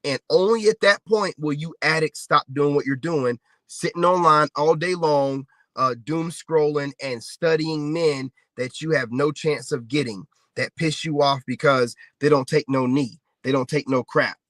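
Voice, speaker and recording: A man's voice: on the high side, measured pace, few pauses, fairly bright tone, no echo. A man delivering a confrontational, mocking rant straight to his viewers, hammering the same points over and over. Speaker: online commentator. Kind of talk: ranting monologue to viewers.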